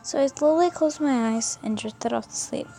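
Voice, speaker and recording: A woman's voice: high-pitched, moderate pace, creaky, dark tone, faint music behind. A young woman casually reading a fan fiction story aloud, often stumbling and rereading words.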